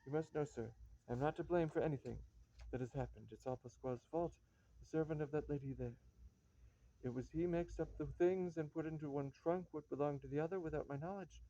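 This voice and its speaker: A man's voice: a little high, fairly quick, warm tone, lightly acted. A man playing a chatty, scheming male servant who pleads and wheedles, in a reading of a stage comedy. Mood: pleading. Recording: dull lo-fi recording.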